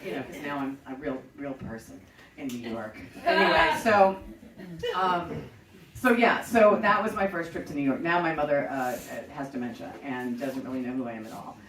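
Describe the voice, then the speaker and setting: A woman's voice: very deep voice, normal speed, a bit bright, reverberant, distant mic, rough recording. A middle-aged woman hosting a show, telling a personal story in a chatty, profane, self-mocking way. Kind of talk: casual storytelling.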